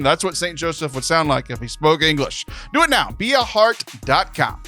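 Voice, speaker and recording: A man's voice: a little high, sing-song, moderate pace, hardly any pauses, bright, forceful tone, soft background music. A man hosting a podcast, chatting casually and teasing his co-host, and reading a sponsor spot. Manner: joking, teasing, laughs often. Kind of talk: casual chat and sponsor read.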